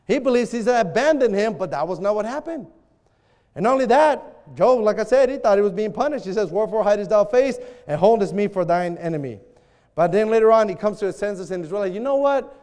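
High-voiced man preaching in an echoey hall. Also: fairly quick. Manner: animated preaching, acting out quoted prayers. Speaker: pastor. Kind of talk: sermon.

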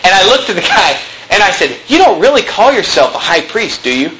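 A male pastor preaches with a lively, swooping delivery, his voice pitched a little high and ringing bright. He tells stories animatedly, acts out both sides of conversations and slips in sarcastic jabs. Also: fairly quick, slight background noise, rough recording. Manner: animated storytelling, quoting dialogue, sarcastic asides. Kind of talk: preaching sermon with anecdotes.

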